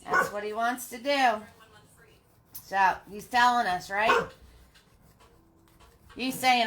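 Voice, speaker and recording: A woman's voice: a little high, steady tone, takes it slowly, long pauses, background noise. A woman hosting a live painting lesson from her home. She chats with viewers, greets them by name and laughs often. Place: home studio.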